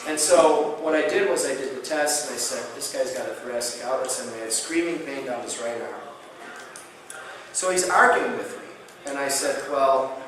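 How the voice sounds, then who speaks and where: A man giving a conference lecture, telling patient stories in an animated way and acting out the dialogue. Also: medium pitch, brisk, a little hiss or hum. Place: large conference hall. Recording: echoey hall from far off.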